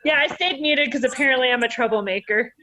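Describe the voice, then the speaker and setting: A woman's voice: high-pitched, quick pace, background noise. A woman chatting on a video call, playful and telling a story. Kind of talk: casual video call chat. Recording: muffled video call audio.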